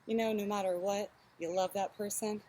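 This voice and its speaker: A woman's voice: medium pitch, fairly even intonation, moderate pace, mellow, poor audio. A young adult woman, a fitness instructor from Texas, chatting candidly and telling stories while straining through a shoulder workout at home.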